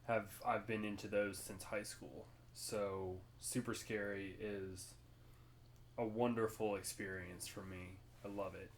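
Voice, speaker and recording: A young man co-hosting a casual podcast. He talks chattily and rambles, restarting his sentences, and his voice sits at an ordinary middle pitch for a man. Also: slight background noise. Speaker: podcast co-host. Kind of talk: casual chat.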